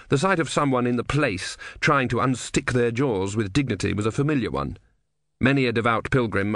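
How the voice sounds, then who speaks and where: A man's voice: medium pitch, fairly bright tone, dry recording. A man narrating a comic fantasy audiobook with dry, wry delivery.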